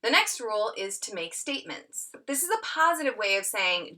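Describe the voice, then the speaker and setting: Woman teacher, bright voice, animated reading, acts out quotes, tutorial. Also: mid-range voice, moderate pace. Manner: lively, expressive reading with acted-out quotes.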